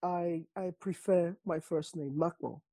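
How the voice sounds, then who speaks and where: A man's voice: a little high, a little slow, dark tone, a little hiss or hum. A man from Nigeria with a Nigerian accent, a singer chatting as a guest in an easygoing way with frequent restarts. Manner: easygoing, chuckling, restarts often. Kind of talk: casual interview chat.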